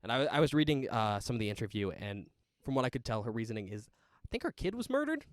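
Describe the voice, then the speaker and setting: A man's voice: medium pitch, fast talker, no room sound. Chatty man on a dry podcast mic. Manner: chatty, animated, laughs often. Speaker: podcast co-host. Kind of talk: casual movie chat.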